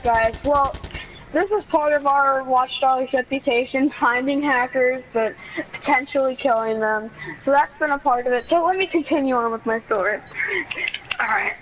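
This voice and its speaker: A woman with a high voice streams a video game, rambling through a story about chat messages and giggling often in casual gaming chat. Background noise is present.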